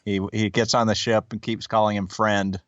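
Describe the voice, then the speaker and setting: A man's voice: on the low side, level tone, moderate pace, fairly bright tone, no room sound, lo-fi sound. A man co-hosting a podcast, recapping an episode with wry, self-deprecating humor. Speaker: podcast co-host. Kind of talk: casual chat.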